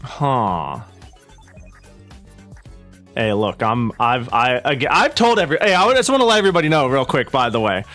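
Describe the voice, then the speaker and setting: A man's voice: medium pitch, very animated, normal speed, pauses often, a bit bright, soft background music. A man streaming live, chatting casually and rambling with many restarts and swearing, slightly out of breath. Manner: rambling, self-interrupting, swears freely.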